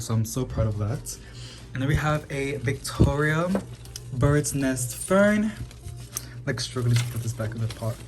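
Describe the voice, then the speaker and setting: A man hosting a casual houseplant tour of his apartment, chatting quickly and calling his plants "girly" as he walks through the rooms. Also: mid-range voice. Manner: chatty, talks fast, calls plants "girly". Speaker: plant channel host. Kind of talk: casual home tour vlog.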